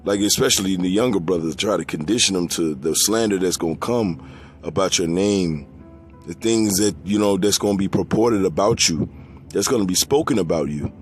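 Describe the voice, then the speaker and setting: Deep-voiced male preacher, forceful and profane, quiet for scripture; faint music bed. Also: moderate pace. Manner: forceful, profane, rises in pitch when stressing points; reads scripture in a lower, quieter voice. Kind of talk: sermon.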